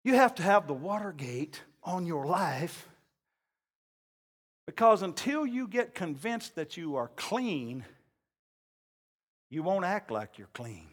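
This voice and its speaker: A male pastor preaching a sermon, telling folksy stories and then climbing into loud, shouted preaching. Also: high-pitched, sing-song, slow, pauses often.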